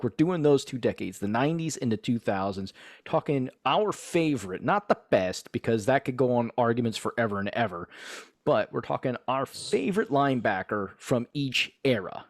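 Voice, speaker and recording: A man's voice: mid-range voice, no echo, studio quality. A middle-aged man co-hosting a casual sports chat show, steering the topics and rambling with casual swearing. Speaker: podcast co-host.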